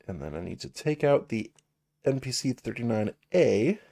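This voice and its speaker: A man's voice: medium pitch, very animated, normal speed, gravelly, warm tone. A man streaming a solo tabletop game, chatting casually and reading game cards aloud. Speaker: solo game player and narrator. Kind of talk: casual live-stream play-through.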